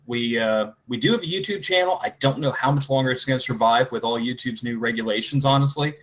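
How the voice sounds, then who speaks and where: A man's voice: medium pitch, fast talker. A man speaking as a podcast guest in casual chat, blunt and crude in his jokes.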